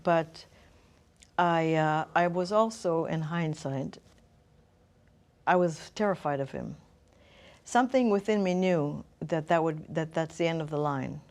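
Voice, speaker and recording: A woman's voice: sits low, unhurried, pauses often, a little mellow. A middle-aged woman telling her personal story as an interview guest, thoughtful and searching for words.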